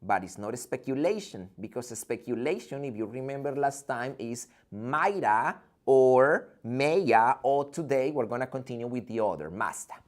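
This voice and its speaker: A man's voice: medium pitch, lively intonation, normal speed, few pauses. A man teaching an online English class, playful and theatrical, joking and acting out his students' questions. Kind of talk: live online English lesson. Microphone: video call.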